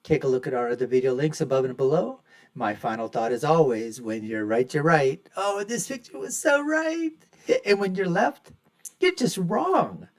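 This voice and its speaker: A man's voice: mid-range voice, big pitch swings, normal speed. A man hosting his own show, giving emphatic, opinionated solo commentary and repeatedly calling his listeners folks. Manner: repeats phrases for punch, swings loud and soft. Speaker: show host.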